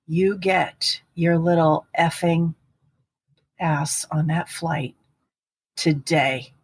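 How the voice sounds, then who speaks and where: A woman's voice: mid-range voice, animated, normal speed, a little mellow, husky, no room sound. A woman voicing her jealous, controlling ex-fiance in a falsely sweet, coaxing tone with an undertone of menace. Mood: menacing.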